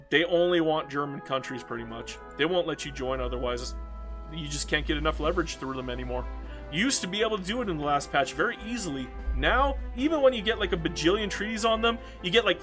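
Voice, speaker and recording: A man's voice: a little high, fairly bright tone. A Canadian man with a Canadian accent giving casual, ranting commentary while playing a strategy game, swearing freely and repeating himself. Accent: Canadian English.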